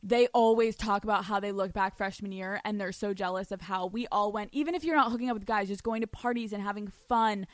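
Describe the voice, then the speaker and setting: A young woman hosts a podcast in a loose, profane, animated way, giving blunt advice and telling stories. Her voice sits at a middle pitch and sounds dry and close, with no room around it. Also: fairly quick, few pauses, no echo. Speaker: podcast host. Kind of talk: casual advice chat, reading listener letters.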